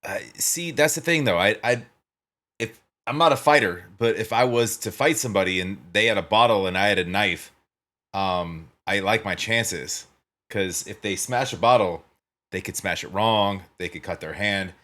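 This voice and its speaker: A man talking casually as he reacts to a video. His voice sits low and relaxed. He breaks off with little laughs and throws in jokes. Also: moderate pace. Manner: chatty, laughing, joking asides.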